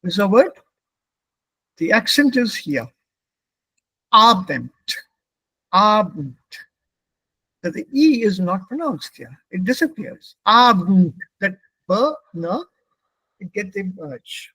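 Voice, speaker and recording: A man's voice: high-pitched, sing-song, unhurried, fairly bright tone, slightly rough, no echo, poor audio. A man from India with an Indian English accent, teaching a German pronunciation class and patiently repeating words for his students.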